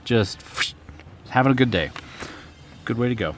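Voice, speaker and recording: A man playing a tabletop game, excitable and laughing often as he describes his character's moves. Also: medium pitch, moderate pace, slight background noise. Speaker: player. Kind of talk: casual tabletop game play.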